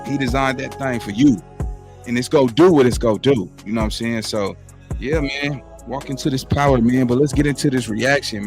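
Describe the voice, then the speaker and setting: A male commentary host does a casual reaction segment, rambling and preachy in loose street slang, constantly saying "you know what I'm saying." His pitch drifts from high to low as he sermonizes.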